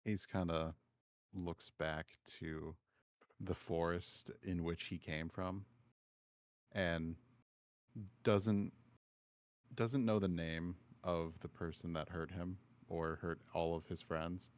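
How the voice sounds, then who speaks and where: A man's voice: low-pitched, fairly even intonation, slow pace, no echo. A man playing in a tabletop game, describing his character's actions in the third person. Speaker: player. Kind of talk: casual tabletop play.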